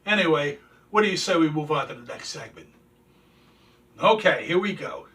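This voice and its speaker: A man's voice: fairly high pitch, expressive, normal speed, noisy background. A male show host telling corny jokes and showing collectibles in a folksy, chatty way. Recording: distant from the mic.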